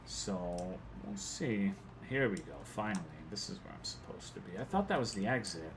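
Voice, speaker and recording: A man's voice: low-pitched, big pitch swings, moderate pace, gravelly, noisy background. A young man from Texas giving rambling, profane commentary while livestreaming a video game, reading and answering chat. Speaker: game streamer.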